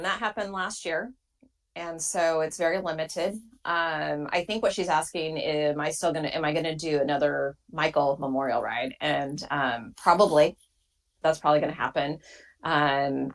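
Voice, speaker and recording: A woman's voice: low voice, poor audio. A woman rider being interviewed, speaking casually and hesitantly with many fillers. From Washington State. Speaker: interview guest, motorcycle rider.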